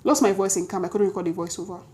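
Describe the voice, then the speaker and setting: A young woman with a Nigerian accent, telling a story in a lively, chatty way to her vlog audience. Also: mid-range voice. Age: young adult. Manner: lively, chatty, quick self-corrections, Nigerian slang interjections. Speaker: vlogger. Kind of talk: casual storytelling to camera.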